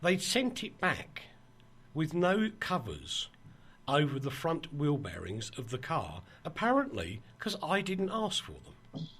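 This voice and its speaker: A man hosting a radio talk show, telling a story in a lively, laughing way and quoting people along the way. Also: fairly high pitch, slow pace, a little hiss or hum. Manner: animated, laughing storyteller with mock quotes. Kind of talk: casual chat, storytelling.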